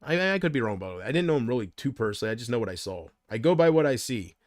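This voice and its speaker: A man's voice: medium pitch, sing-song, very fast, no room sound, clean studio sound. A man chatting casually on a livestream, rambling from thought to thought and often trailing off.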